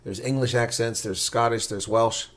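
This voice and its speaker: A man giving live reaction play-by-play commentary, excitable and blunt, his voice climbing sharply during big plays. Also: mid-range voice, normal speed. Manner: blunt and opinionated.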